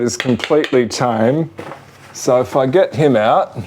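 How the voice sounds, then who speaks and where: A ferret owner gives a casual how-to demonstration of training, gently and patiently coaxing his animals. His mid-range voice keeps a measured pace, rambling with fillers like "you know" and "sort of," over slight background noise.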